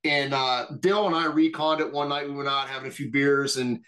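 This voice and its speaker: A middle-aged man telling war stories on a podcast in a casual, profane and animated way, acting out what others said. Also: medium pitch, brisk. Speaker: podcast guest. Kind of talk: casual storytelling.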